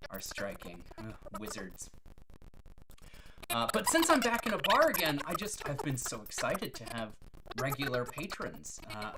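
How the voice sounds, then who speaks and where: A woman's voice: very deep voice, heavy background noise. A woman hosting a live stream, chatting casually and telling corny jokes in a self-mocking way.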